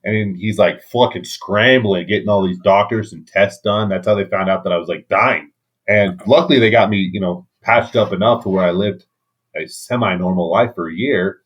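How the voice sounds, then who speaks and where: A man's voice: deep voice, normal speed, husky, muffled recording. A man, a podcast guest, telling a candid story in casual talk, swearing now and then.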